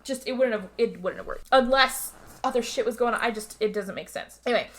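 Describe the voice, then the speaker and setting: A woman co-hosting a podcast, recapping a movie in casual chat as an animated storyteller who swears freely. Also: a little high, brisk. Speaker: podcast co-host.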